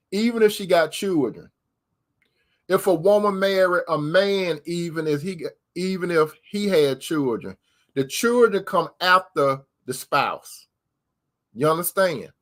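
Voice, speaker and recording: A man's voice: a little high, fairly bright tone. A man hosting an advice talk, telling a personal story in a preacherly way, repeating his points and addressing listeners as brothers and sisters. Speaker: channel host.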